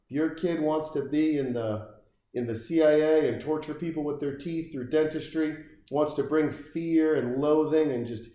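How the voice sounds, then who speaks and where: A man's voice: on the high side, echoey room. A man riffing on a movie in profane comedic commentary, ranting with crude outbursts. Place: home room with a dog running around.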